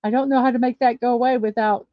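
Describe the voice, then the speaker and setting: A woman's voice: fairly high pitch, fairly even intonation, quick pace, dry recording. A woman hosting a casual livestream, chatting and reading viewer comments aloud. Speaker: livestream host. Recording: dull lo-fi dry stream audio.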